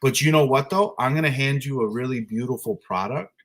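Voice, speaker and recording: A man co-hosting a podcast, telling a casual story about coaching youth flag football in an exasperated, animated way. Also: mid-range voice, a little fast, slight background noise. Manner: animated, exasperated ranting with mimicked voices.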